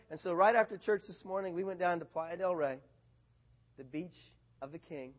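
A man preaching a casual sermon, animated, swinging from loud bursts to quiet asides. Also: high voice, normal speed, lo-fi sound.

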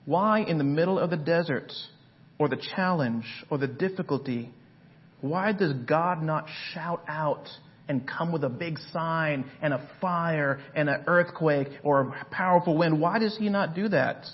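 A man preaching a sermon as pastor, dramatic and swinging from loud passages to hushed ones. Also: on the high side, unhurried, highs cut off.

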